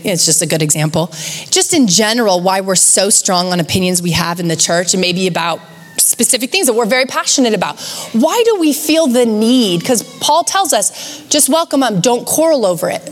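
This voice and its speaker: A middle-aged woman pastor giving a live sermon in a church, telling stories with energy and acting out other people's voices. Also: on the high side. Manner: animated storytelling, acts out voices. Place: church sanctuary. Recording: live in a reverberant church hall.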